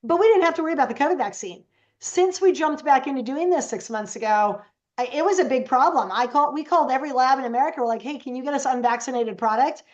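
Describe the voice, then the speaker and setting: A woman's voice: sits high, expressive, fast. A woman guest on a podcast, telling stories casually and animatedly and acting out the voices she quotes. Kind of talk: casual storytelling.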